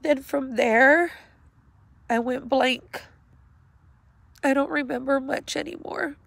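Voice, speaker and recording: A middle-aged woman slowly and haltingly retelling a painful memory, speaking outdoors. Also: high-pitched, creaky, a bit bright, no room sound. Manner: slow, halting, emotional retelling. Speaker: grieving mother. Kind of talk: personal storytelling vlog. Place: outdoors at a cemetery.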